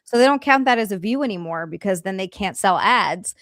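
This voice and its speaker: A woman's voice: medium pitch, animated, brisk, fairly bright tone, no echo, clean studio sound. A woman guesting on a livestream, chatty and enthusiastic in casual talk.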